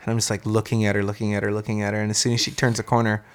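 A man co-hosting a podcast, telling a childhood story in casual chat, animated and swearing freely. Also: on the low side, racing, smooth. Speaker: podcast co-host.

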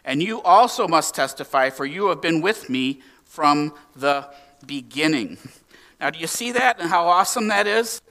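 A man preaching a sermon as pastor, swinging from emphatic, raised exclamations to quiet, hushed lines. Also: a little high, moderate pace. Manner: animated preaching with emphatic rises and hushed drops.

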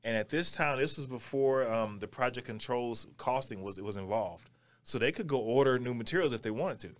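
A man's voice: mid-range voice, a little fast. Man, podcast host, casual conversational delivery, easygoing storyteller. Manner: casual, frequent short agreements.

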